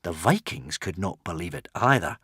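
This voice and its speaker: A man narrating a fantasy audiobook in an expressive, dramatic way. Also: deep voice, normal speed, slightly rough, no echo, studio quality. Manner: dramatic, varied delivery.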